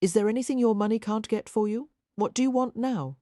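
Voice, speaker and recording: A woman's voice: lowish voice, sing-song, moderate pace, mellow, no echo, studio quality. A woman voicing an eccentric young noblewoman, earnest and blunt, often exasperated, in an audiobook.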